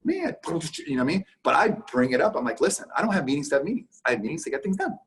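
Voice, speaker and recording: A man's voice: fairly high pitch, very animated, a bit bright, a little hiss or hum. A man from Canada, a guest on a business podcast, talking emphatically and acting out both sides of conversations. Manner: emphatic, acts out conversations in quick back-and-forth. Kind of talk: casual podcast interview.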